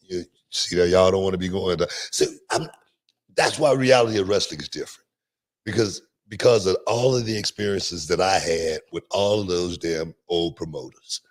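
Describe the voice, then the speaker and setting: A man's voice: fairly low pitch, a little mellow. A middle-aged man hosting a podcast, telling stories in a laid-back, repetitive way and laughing often. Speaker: podcast host and wrestling promoter. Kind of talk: casual podcast storytelling. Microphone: podcast microphone, remote stream.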